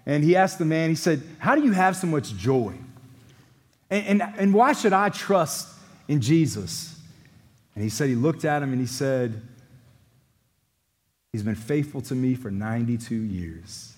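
A man preaching a sermon as pastor, earnest and emphatic, with quiet reflective passages, ending in prayer. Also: on the high side, very animated, normal speed. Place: church sanctuary. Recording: long church hall reverb.

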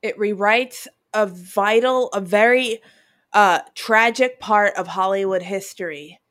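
A woman's voice: mid-range voice, a little slow, fairly bright tone. A young woman co-hosting a casual chat show, rambling through her thoughts and laughing along. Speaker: podcast co-host.

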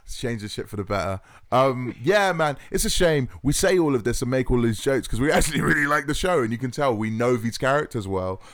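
A man co-hosting a podcast in casual chat, animated and sweary, often slipping into mocking impressions. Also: medium pitch, fairly quick, few pauses, dry recording, clean studio sound. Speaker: podcast co-host.

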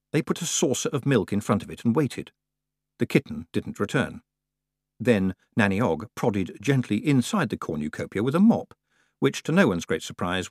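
A man narrating an audiobook in a lively, expressive storytelling manner. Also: fairly low pitch, dry recording, studio quality.

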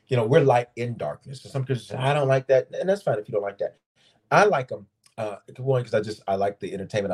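Man, bishop, sermon style, lively swinging delivery, soft husky tone. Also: medium pitch. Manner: animated, calls out to viewers by name. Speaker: bishop leading online prayer. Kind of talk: preaching prayer-service sermon.

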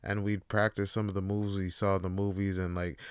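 A man's voice: deep voice, level tone, fairly quick, clean tone, no echo, clean studio sound. A young man hosting a podcast, talking casually in a rambling, profane way with many fillers. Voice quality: laid-back, profane, rambling with lots of fillers. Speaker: podcast host. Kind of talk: casual monologue.

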